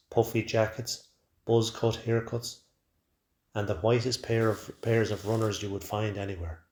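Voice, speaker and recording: A man narrating a first-person story in a quiet, measured way. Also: lowish voice. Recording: roomy echo.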